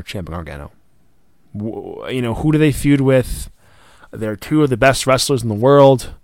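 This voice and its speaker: Excitable man reviewing wrestling. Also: medium pitch, no room sound, clean studio sound. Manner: excitable, swears, acts out quotes. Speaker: podcast co-host. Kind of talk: casual wrestling review chat.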